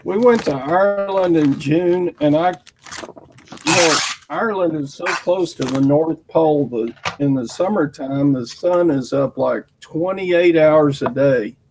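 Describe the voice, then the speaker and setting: A man's voice: on the high side, unhurried. Chatty man on a noisy call. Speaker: chat participant. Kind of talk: casual group chat.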